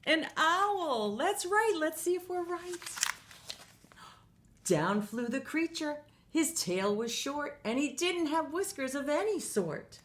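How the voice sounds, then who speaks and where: A woman teacher reading a picture book aloud to children, animated and asking them questions along the way. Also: sits high, slow pace, a little hiss or hum.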